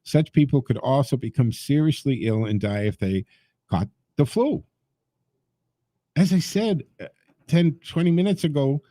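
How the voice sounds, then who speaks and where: A man's voice: mid-range voice, dark tone, no room sound. A man hosting a call-in talk radio show, talking emphatically and sarcastically and addressing his listeners directly.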